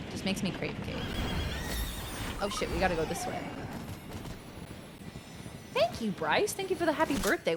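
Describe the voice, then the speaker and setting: A woman streamer rambles casually while she plays, jumping between topics and breaking into loud, excitable outbursts. Her pitch sits in a middle range for a woman. Steady background noise is clearly audible behind her voice. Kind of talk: casual gaming stream chat.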